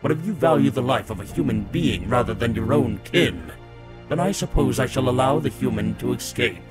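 A man's voice: medium pitch, animated, a little fast, over loud music, close to an everyday voice. A man voicing a pompous, short-tempered villainous robot warlord in a fan parody cartoon dub, speaking in a grandiose, theatrical way and barking orders. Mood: gloating.

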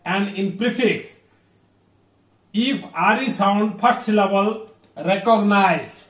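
A man with an Odia accent teaching a classroom English lesson, speaking slowly and deliberately and repeating words for his students. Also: sits high, a bit bright. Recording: echoey room from far off.

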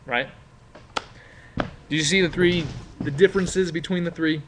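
This man's voice is fairly high and steady, delivered a little slowly against background noise. He teaches casually, chatting with many fillers and rhetorical questions while explaining and role-playing for the class.

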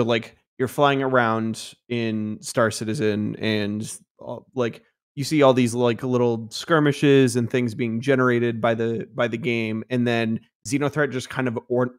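Halting, enthusiastic man on a podcast. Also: mid-range voice, steady tone, smooth. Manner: halting, enthusiastic, full of fillers. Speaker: game developer guest. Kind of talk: casual podcast chat.

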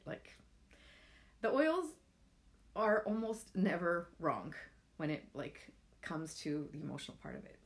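A woman, chatting casually and heartfelt in a rambling way with lots of fillers. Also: fairly low pitch. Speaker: vlogger sharing essential oil tips. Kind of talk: casual chat to camera.

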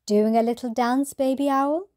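A woman's voice: sits high, steady tone, normal speed, warm tone, no echo, studio quality, pitched above the performer's own voice, natural voice. A woman voicing a fox who teases a baby owl. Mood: teasing. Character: sly teasing fox.

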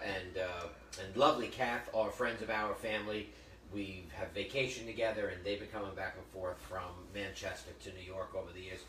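A man hosting a casual cooking show, joking and telling stories in a chatty, animated way. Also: fairly low pitch, a little hiss or hum. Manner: chatty, jokey, animated storyteller. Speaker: host of a live cooking show. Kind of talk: casual storytelling chat. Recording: echoey room, mic at a distance.

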